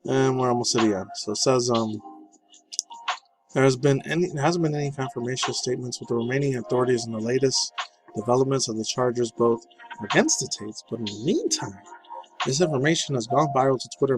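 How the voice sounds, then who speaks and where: A man's voice: mid-range voice, fast, rough recording. A man hosting casual news commentary, laid-back and profane, rambling as he reads and reacts. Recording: voice over lofi background music. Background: lofi music.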